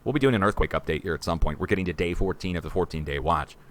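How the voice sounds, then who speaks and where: Fast-talking excitable man in his forties. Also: sits low. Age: 40s. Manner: excitable, conspiratorial, addresses viewers as guys. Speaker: livestream host. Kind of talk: rambling livestream commentary. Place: home room.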